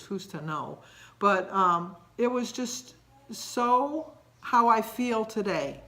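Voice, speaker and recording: A woman's voice: medium pitch, a bit bright. An older woman talking casually in a daily vlog, rambling and emotional, sometimes tearful. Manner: rambling, emotional, self-deprecating. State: tearful at times. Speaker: vlogger.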